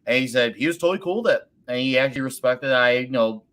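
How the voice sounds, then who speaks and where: A man being interviewed as a guest, his voice on the lower side of ordinary for a man. He tells relaxed, rambling stories full of fillers and restarts. His delivery stays casual and friendly. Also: quick pace. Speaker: guest creator.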